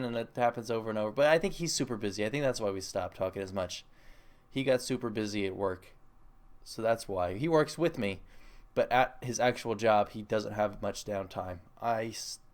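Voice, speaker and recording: A man's voice: medium pitch, clean tone. A young man hosting a solo podcast, chatting casually in a rambling, self-mocking, jokey way. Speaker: podcast host.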